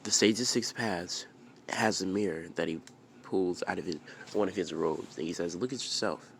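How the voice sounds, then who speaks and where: A man's voice: low-pitched, steady tone, normal speed, creaky, slight background noise. A man casually telling a fan-fiction story, rambling and repeating himself as he goes.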